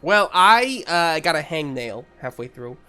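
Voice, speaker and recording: A man's voice: on the high side, very animated, unhurried, over loud music. A man voicing a gossipy, tired woman nurse in her fifties, chatty and complaining in a tabletop role-play.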